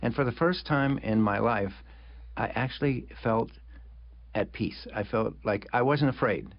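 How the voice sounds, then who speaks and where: A man's voice: mid-range voice, unhurried. An older American man, an author in a conversational interview, talking reflectively with frequent restarts and chuckles. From United States. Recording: dull lo-fi sound.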